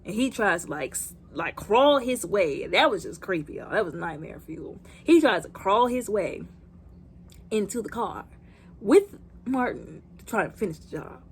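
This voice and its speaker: A woman, recapping a movie in a chatty, animated way, often exclaiming. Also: medium pitch, measured pace, a little hiss or hum. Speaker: movie reviewer.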